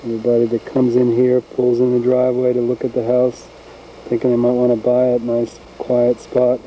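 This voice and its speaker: A man's voice: mid-range voice, monotone, moderate pace, lo-fi sound, slight background noise. A man narrating casually as he films his farm outdoors on a handheld camcorder, folksy and rambling. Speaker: home video maker. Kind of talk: casual narration while filming. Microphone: handheld camcorder mic.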